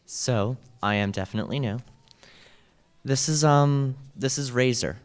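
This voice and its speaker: A man reads a poem at a campus open-mic night, very slow and deliberate. His voice is smooth and resonant, each image given room to land. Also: medium pitch, dry recording. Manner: measured, deliberate. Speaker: poet reading at open mic. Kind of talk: slow poetry reading. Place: college event stage.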